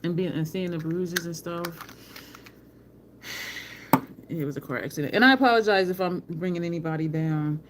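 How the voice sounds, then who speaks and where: A woman's voice: on the low side, moderate pace, long pauses. A woman hosting a casual livestream at home, telling rambling stories, answering viewer comments and talking to the chat as "y'all". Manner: rambling storyteller, addresses chat as y'all, frequent laughs. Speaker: livestream host. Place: home, by an open balcony window. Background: faint street traffic.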